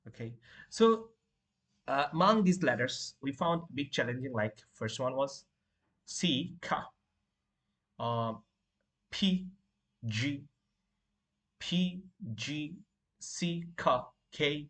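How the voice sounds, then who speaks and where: An English teacher with a medium-pitched, fairly bright voice runs a beginner pronunciation lesson on letters. He repeats each word and corrects common mistakes.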